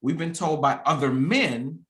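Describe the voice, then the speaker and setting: A man's voice: a little high, unhurried, a bit bright, reverberant, low-quality recording. A man in his thirties hosting a casual conversation, talking candidly and reflectively and often restarting his sentences. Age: 30s. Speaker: podcast host.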